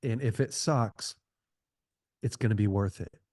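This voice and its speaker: A man's voice: lowish voice, unhurried, a little mellow, dry recording, studio quality. Earnest man giving relationship advice. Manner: earnest, repetitive phrasing with frequent restarts. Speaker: podcast guest. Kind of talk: conversational advice talk.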